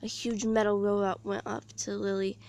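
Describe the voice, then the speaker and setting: A woman reading her own storybook aloud, slowly and carefully, with small slips. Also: medium pitch, little pitch movement, darkish tone.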